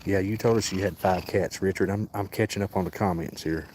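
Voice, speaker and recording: Man, low-pitched, folksy livestream host, faint hiss behind. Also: fairly quick. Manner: talks softly to cats, folksy and easygoing. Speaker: cat sanctuary livestream host. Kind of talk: casual livestream chat. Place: outdoors by a cooking fire.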